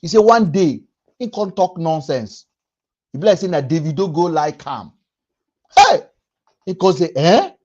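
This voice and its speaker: Young Nigerian man, Pidgin accent, lively high-pitched livestream ranter, muffled stream sound. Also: measured pace, long pauses. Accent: Nigerian Pidgin English. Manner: emphatic, repeats lines for effect. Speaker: livestream host. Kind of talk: animated livestream rant.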